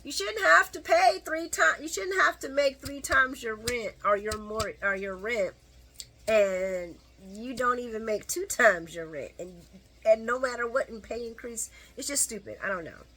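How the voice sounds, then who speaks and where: A woman's voice: fairly high pitch, normal speed, pushed and bright, a little hiss or hum. Chatty, opinionated woman recapping a soap. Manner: chatty and opinionated, with frequent fillers and asides to viewers. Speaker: soap opera recap host. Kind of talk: casual solo recap commentary.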